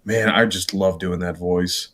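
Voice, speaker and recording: A woman chatting as a guest on a live stream, lively and joking. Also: very deep voice, a little slow, breathy edge. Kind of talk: casual live-stream chat.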